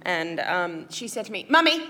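A woman's voice: mid-range voice, expressive, a little fast, bright, forceful tone, a little hiss or hum. Giggly, chatty woman telling funny stories. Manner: chatty, giggly, self-mocking. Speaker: guest storyteller. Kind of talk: comic anecdote on a talk show.

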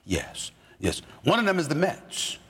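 Sports talk host, male, high husky voice, loud and repetitive, reverb with music bed. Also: huge pitch swings, a little slow. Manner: loud, repetitive, swings from low mutter to shouting. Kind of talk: animated comedic storytelling.

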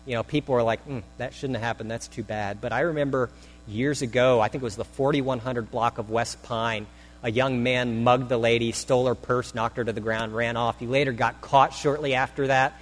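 A man's voice: mid-range voice, fairly even intonation, brisk, rough recording. A man preaching a conversational sermon as a pastor, with dry self-deprecating humor. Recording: faint mains hum.

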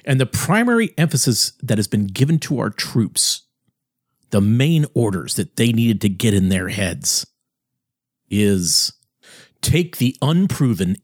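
Man, host, political monologue, heated, sarcastic, husky, animated pitch. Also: dry recording, clean studio sound. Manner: heated, sarcastic, emphatic rising pitch swings.

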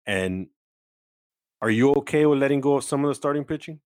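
A man's voice: mid-range voice, expressive, fairly quick, darkish tone, clear, resonant tone, no echo. A man hosting a sports podcast from home, chatting in an upbeat, casual way with plenty of fillers. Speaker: podcast host.

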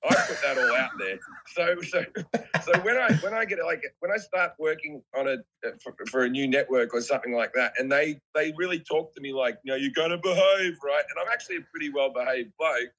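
A man's voice: medium pitch, fairly quick, bright, forceful tone, husky, low-quality recording. An Australian man in his forties, chatting as a comedian guest over a video call, laid-back and self-deprecating. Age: 40s. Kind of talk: casual chat.

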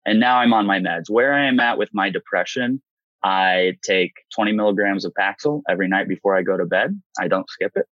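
A deep-voiced man in his thirties, appearing as an interview guest, talks a little fast as he relates a candid personal tale, vividly acting out others' lines. The recording is dry and lo-fi.

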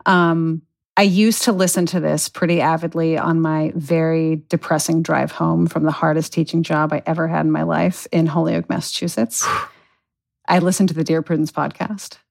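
Gravelly-voiced chatty woman guest. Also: sits low, normal speed. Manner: chatty, animated, giggly, with many fillers. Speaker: guest, schoolteacher. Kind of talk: casual podcast conversation.

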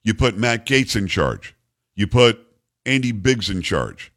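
A man's voice: lowish voice, very animated, a little slow, a bit bright. A man hosting a political talk radio show, delivering an emphatic, ranting monologue full of rhetorical questions.

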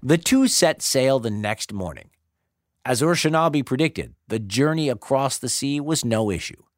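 A man narrating a myth as a story, in an expressive, dramatic way. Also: medium pitch, moderate pace, no echo. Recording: dry close sound with faint music.

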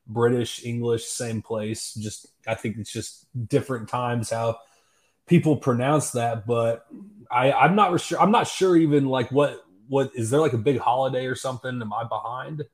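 A man's voice: mid-range voice, normal speed. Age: adult. Sex: man. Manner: laid-back, folksy, hesitant. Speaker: podcast co-host. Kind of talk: casual sports podcast chat.

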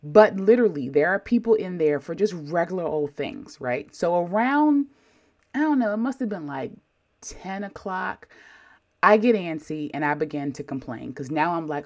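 Low-pitched woman vlogging, sassy and animated, talks right to her viewers. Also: moderate pace. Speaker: vlogger telling a personal story. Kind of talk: casual storytelling to camera.

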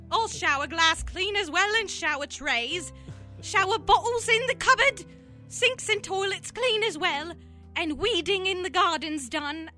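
Woman doing fussy British landlady, very high and deliberate, faint music behind. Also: sharp tone, heavily acted. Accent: put-on British. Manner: slow, clipped, prim recital. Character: prim fussy British landlady reading a notice.

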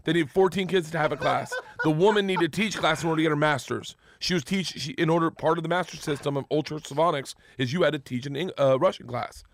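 A man's voice: a little high, quick pace, hardly any pauses. A man from Florida telling a long story in casual chat, swearing freely and laughing through his words with frequent restarts. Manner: profane, laughing, animated with many restarts.

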